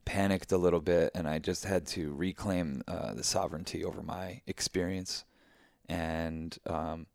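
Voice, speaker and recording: A man with a very low, gravelly voice, recorded dry and close. He talks emphatically and effusively in a casual, heartfelt conversation, swears freely and uses spiritual language. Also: fairly even intonation, unhurried, a little mellow, dry recording.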